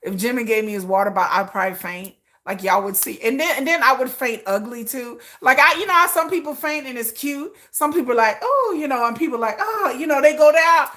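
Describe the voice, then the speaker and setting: Woman on a livestream, high bright voice, laughing lots, swears, talks to chat. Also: quick pace, hardly any pauses. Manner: animated, laughing, rambling asides to chat; swears freely, Southern-flavored slang. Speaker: livestream host. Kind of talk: casual fan livestream chat.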